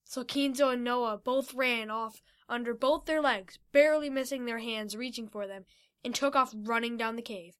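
Bright-voiced woman reading a story. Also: fairly high pitch, moderate pace, clear, resonant tone. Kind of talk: reading a fantasy story aloud.

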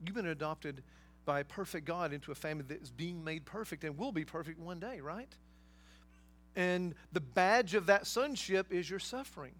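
A man's voice: a little high, moderate pace, a bit bright. A man preaching a sermon, emphatic, with rhetorical questions and casual asides to his congregation. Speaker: pastor.

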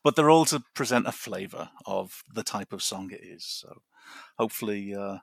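A man's voice: fairly low pitch, animated, normal speed, creaky, dry recording, studio quality. A man chatting as a podcast guest from his garden, rambling and laughing often. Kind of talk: casual chat.

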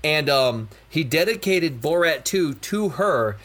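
A man's voice: fairly high pitch, expressive, takes it slowly, a bit bright, a little hiss or hum. A young adult man co-hosting a podcast, talking in an enthusiastic, rambling way and saying "dude" a lot. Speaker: podcast co-host. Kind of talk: casual chat.

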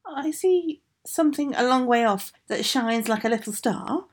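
A woman's voice: on the high side, expressive, normal speed, pitched above the performer's own voice. A woman voicing a bold young peasant hero who speaks plainly and steadily. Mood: steady.

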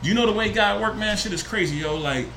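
Fast-talking animated man from New Jersey. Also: sits high, roomy sound, a little hiss or hum. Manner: animated, profane, acts out quotes. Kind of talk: casual storytelling chat.

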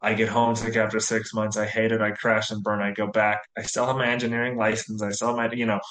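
A man in his thirties from the US, relaxed and chatty as an interview guest, full of "you know"s. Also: on the low side, fast, echoey room. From US, near Atlanta. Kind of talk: casual interview.

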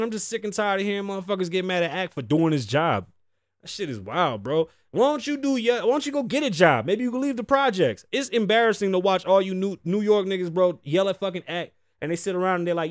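Male podcast host, higher voice, dead-dry close mic, profane hot-headed rant delivery. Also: expressive, quick pace, no echo. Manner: profane, heated, swings loud and quiet. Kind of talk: ranting commentary.

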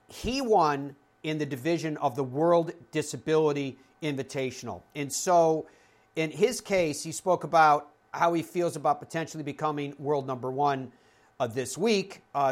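Chatty male golf radio host. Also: a little high. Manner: conversational, loose recap with fillers. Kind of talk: recapping interviews on a talk show.

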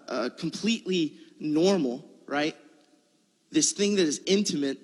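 A man's voice: fairly high pitch, big-room sound. A man giving a conversational sermon, telling a personal story in a casual, earnest way. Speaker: preacher.

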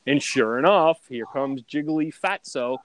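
A man telling loud, profane stories in a casual podcast chat. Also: mid-range voice, unhurried. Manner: loud, profane, animated storyteller. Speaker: guest storyteller.

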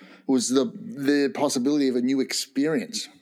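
A man's voice: mid-range voice, steady tone, moderate pace, darkish tone. A man in casual chat, telling a story in a dry, understated way.

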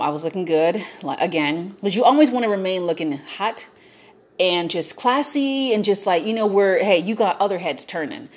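A young woman chatting casually, telling an animated story and quoting herself and others along the way. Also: medium pitch.

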